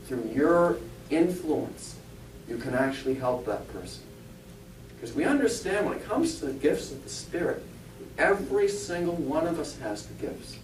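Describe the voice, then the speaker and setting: A man's voice: a little high, slight background noise. A man, a spiritualist minister and medium, giving an informal talk to a congregation, chatty and humorous, often asking the audience questions. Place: church hall. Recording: echoey church from a distant mic.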